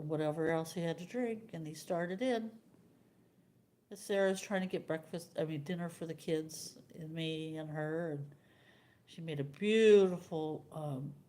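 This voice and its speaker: An older woman hosting a live stream, chatting casually with viewers and telling a rambling, halting story. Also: sits low, fairly even intonation, warm tone.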